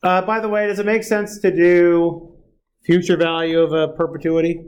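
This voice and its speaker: In a classroom lecture, a math lecturer explains each step to his students and checks in with many tag questions. His voice is high-pitched, his delivery flat, and his speed normal.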